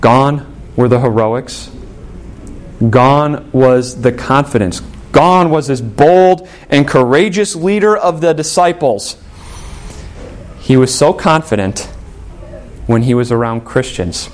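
A man's voice: medium pitch, slow. A male pastor giving a sermon in a conversational, storytelling way, acting out the voices of the people he quotes.

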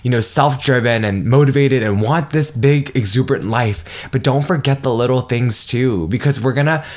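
Emotional, effusive young podcast host man. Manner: emotional, effusive, swears freely; animated, jumps higher when excited. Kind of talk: solo motivational podcast monologue.

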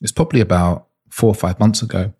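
A man's voice: fairly low pitch, fast, dark tone, breathy edge. A man being interviewed as an intimacy coach, telling personal stories earnestly and restarting often. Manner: earnest, searching, frequent restarts.

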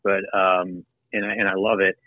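A man being interviewed about his work as an actor and producer, talking in a loose, animated way with frequent laughs and restarts. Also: deep voice, moderate pace, no echo. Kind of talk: casual interview conversation. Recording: phone-like remote line.

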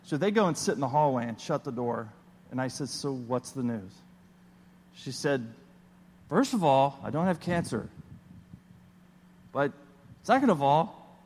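A man preaching a sermon as a pastor, telling a personal story in an animated way and acting out his own panicked voice. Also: medium pitch, measured pace, long pauses, long reverb tail, a little hiss or hum.

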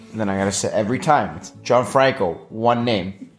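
A man's voice: fairly low pitch, brisk, soft background music. A man chatting casually as a podcast guest, laid-back, repeating himself as he explains. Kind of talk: casual chat. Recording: roomy echo.

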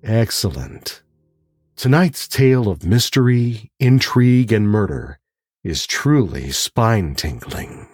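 Calm guy reading a bedtime mystery, slow soothing and breathy, dry close sound, faint music behind. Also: lowish voice, no room sound. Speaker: storyteller.

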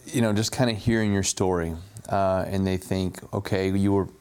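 A man co-hosts a podcast interview, asking gentle, supportive questions with many pauses. His voice sits a little low in pitch. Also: steady tone, clear, resonant tone. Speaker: co-host.

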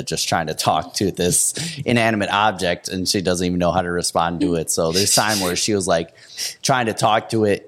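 A man co-hosting a podcast, telling a story in casual chat and chuckling along. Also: deep voice. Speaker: podcast co-host.

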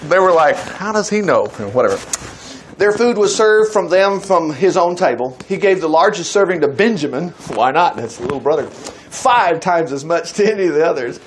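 A man's voice: a little high, animated, fairly quick, slight background noise. A male preacher reading a Bible story aloud, breaking off into folksy, joking asides. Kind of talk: sermon reading scripture with asides.

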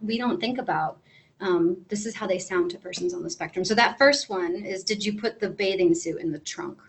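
A woman teaching a class in a relaxed, friendly way, with frequent pauses and filler words. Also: mid-range voice, slight background noise, rough recording. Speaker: instructor. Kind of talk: classroom lecture.

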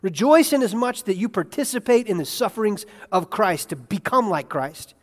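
A male pastor preaching a conversational sermon in a church, asking his congregation questions and swinging between hushed asides and loud, excited bursts. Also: very high voice, moderate pace. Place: church sanctuary. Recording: long hall reverb.

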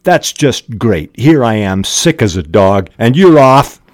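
A man's voice: medium pitch, big pitch swings, measured pace, no room sound, clean studio sound, voice pushed up. A man voicing a sick, bitter middle-aged mother who accuses and pities herself, read aloud from a novel. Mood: angry, accusing. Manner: accusing, self-pitying.

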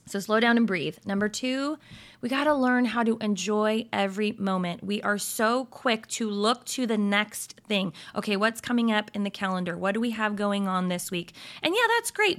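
A woman's voice: mid-range voice, fairly bright tone. Upbeat chatty woman giving encouragement. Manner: upbeat and chatty, often checks in with "right?"; laughs easily, trails into asides. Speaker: Christian women's encouragement host. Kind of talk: casual devotional talk.

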